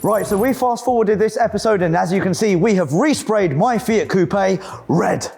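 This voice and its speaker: A man hosting a casual, jokey car vlog from a garage workshop, excitable and swearing now and then. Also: sits high, normal speed, vocal fry, soft background music. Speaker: host.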